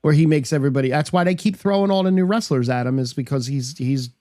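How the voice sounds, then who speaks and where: A man's voice: a little high, fast talker, mellow, no room sound, studio quality. A man co-hosting a podcast, chatting easily about games and wrestling, thinking aloud with restarts. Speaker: podcast co-host. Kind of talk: casual wrestling chat.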